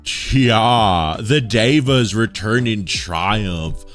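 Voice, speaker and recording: A man voicing an ancient male chronicler of a war empire, with a slow, grand delivery in a put-on accent. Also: on the low side, lively intonation, fairly bright tone, faint music behind, full character voice.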